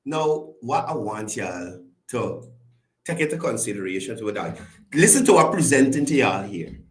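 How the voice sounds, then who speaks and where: Lively chatty male talk show host. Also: medium pitch, normal speed, echoey room. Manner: chatty, greets viewers by name, lively rising and falling delivery. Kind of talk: casual call-in style commentary show.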